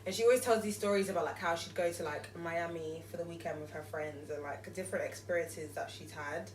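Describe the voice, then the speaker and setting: A woman's voice: lowish voice, fairly quick, far from the mic. A young woman hosting a podcast, chatting casually and hedging with many fillers. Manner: relaxed, hedging with frequent fillers. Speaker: podcast host. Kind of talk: casual chat. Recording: roomy, off-mic.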